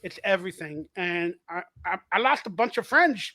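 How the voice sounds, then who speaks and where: A man speaks in a strikingly high, bright, forceful voice during a casual podcast conversation. He talks in long, rambling, argumentative runs and hammers home each point with emphasis. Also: expressive, moderate pace.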